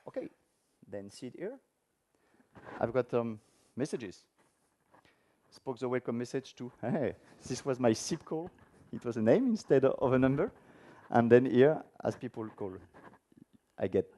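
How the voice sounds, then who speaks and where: A man with a gravelly, warm, mid-range voice delivers a technical conference talk featuring a live demo. Before an audience in a conference room, he speaks informally and asks questions of the people watching.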